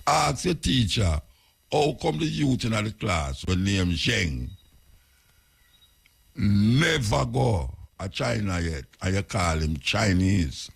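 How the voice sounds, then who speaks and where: A man's voice: fairly low pitch, very animated, slow pace, vocal fry, slightly rough. A man with a Jamaican accent hosting a radio talk, lecturing through rhetorical questions. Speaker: radio host.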